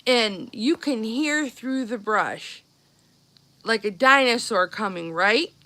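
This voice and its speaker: A woman's voice: a little high, slow, sharp tone. A middle-aged woman telling a childhood story to her live viewers in a chatty way, acting out the people in it. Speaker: vlogger talking to live viewers. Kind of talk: casual live-stream storytelling.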